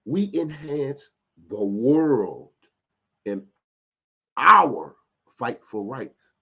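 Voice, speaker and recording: A man's voice: on the high side, vocal fry, a bit bright, breathy edge, muffled recording. A man ranting in a heated, profane commentary for his vlog, cursing often and stressing his points. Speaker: vlogger commentator.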